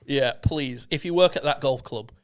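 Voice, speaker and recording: A man's voice: mid-range voice, moderate pace. A young man co-hosting a podcast, teasing and bantering in casual chat. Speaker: podcast co-host.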